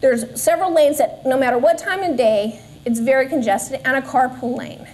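A woman's voice: high voice, normal speed, a little mellow. A woman in her forties telling a personal faith testimony to a church group, earnest with self-deprecating asides. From Southern California. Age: 40s. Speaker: Sunday school speaker. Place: church classroom.

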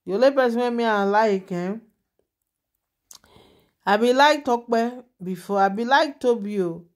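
A woman's voice: on the high side, a little slow. A woman with a Nigerian accent hosting her own channel, chatting casually and animatedly as she shares celebrity gossip and laughs often.

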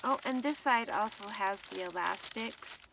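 A woman's voice: mid-range voice, unhurried, vocal fry, distant mic, noisy background. A tired woman vlogger chatting casually at night, half asleep and rambling as she shows her things. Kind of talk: casual late-night vlog chat.

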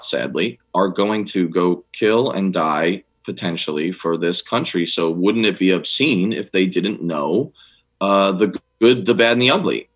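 A man, a former army officer and history teacher, answering interview questions in a rapid, excitable way with many restarts. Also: low-pitched.

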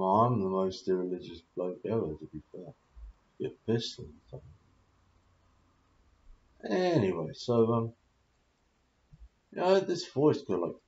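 Deep-voiced British man rambling, lo-fi. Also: a little mellow, roomy sound. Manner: swears a lot, rambling and confused. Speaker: vlogger. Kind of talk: rambling confessional monologue. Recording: dull lo-fi audio.

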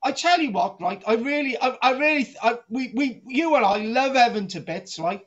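Man, high-pitched, rambling live-stream lesson, teasing, restarts sentences, dull lo-fi audio. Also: animated, moderate pace, hardly any pauses, fairly bright tone. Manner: jokey, rambling, restarts sentences, teases his co-host. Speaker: archaeologist and live-stream presenter.

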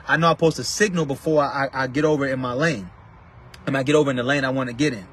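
A man's voice: mid-range voice, quick pace, fairly bright tone, a little hiss or hum. A man preaching to his online viewers from inside a car, emphatic and calling out to them by name. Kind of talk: casual live-stream preaching.

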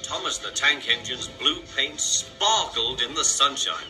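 A man narrating a children's storybook in an expressive reading style. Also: medium pitch, measured pace, poor audio. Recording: narration over loud music.

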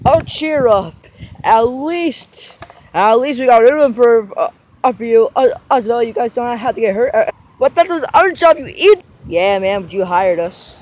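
A man voicing every character in a homemade skit, swinging between excited yelling and low mumbling. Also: unhurried, lo-fi sound. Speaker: video maker voicing all characters.

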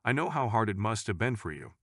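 A man reading an earnest, steady husband. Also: lowish voice, quick pace, breathy edge, no room sound, clean studio sound. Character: grateful husband facing his bullying boss.

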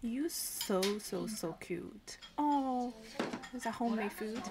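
A woman in her thirties hosting a reaction video, chatting casually and gushing excitedly as she laughs. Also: fairly high pitch, takes it slowly, vocal fry, crowd noise. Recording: noisy home recording with clicks.

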